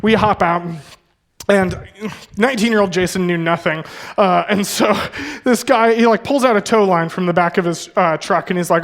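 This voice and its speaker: Preaching in a church, a young male pastor with a strikingly high voice shares a personal story in his sermon. He speaks conversationally, with lots of fillers and quick self-corrections.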